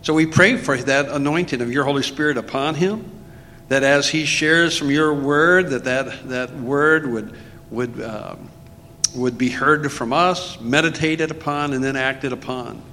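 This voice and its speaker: A male pastor announces an offering in a church and leads an earnest prayer, pausing often as he goes. His voice carries long reverb, with a faint low rumble underneath. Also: sharp tone. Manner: earnest, with pauses and fillers. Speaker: pastor introducing the speaker. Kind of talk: leading an offering and opening prayer.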